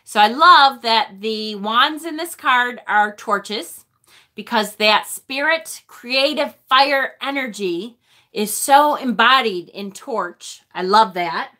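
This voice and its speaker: Bright, slow-talking woman tarot streamer. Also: on the high side. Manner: gushing and excitable, reads viewer chat aloud. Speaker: tarot reader and live-stream host. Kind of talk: casual live-stream chat.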